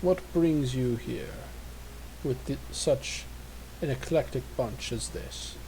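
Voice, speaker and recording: A man doing a gentle old man who speaks slowly in an old-fashioned, courteous way, with a mellow, warm tone. His questions come at an unhurried pace. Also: medium pitch, slight background noise, poor audio. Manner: slow, courteous, formal old-fashioned speech.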